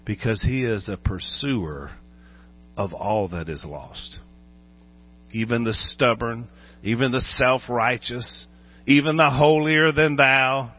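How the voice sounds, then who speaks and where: Male pastor preaching with lively acted-out voices; lo-fi recording with a hum behind. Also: mid-range voice, slow. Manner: animated, acts out voices while preaching. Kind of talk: sermon.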